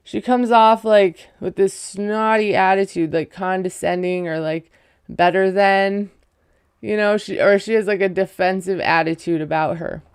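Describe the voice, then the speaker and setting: Smooth-voiced woman chatting through a recap. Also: mid-range voice, darkish tone. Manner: rambling, filler-heavy, frequent "like". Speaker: recap vlogger; parent.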